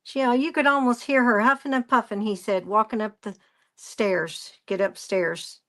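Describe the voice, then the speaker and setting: A woman's voice: fairly high pitch, normal speed, a bit bright. A woman presenting a craft live stream, rambling through a story and greeting viewers by name as she works. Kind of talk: casual chat while crafting.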